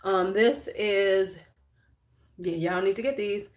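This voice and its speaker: A woman's voice: medium pitch, measured pace, faint music behind. A middle-aged woman hosting a beauty livestream, chatting casually and frankly while doing her makeup, joking bawdily with viewers.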